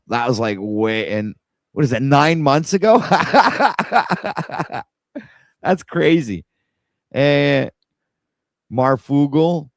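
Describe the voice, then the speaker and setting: A man's voice: mid-range voice, no room sound. A man hosting a casual livestream, rambling in an exasperated way and talking to his viewers while he scrolls. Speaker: livestream host.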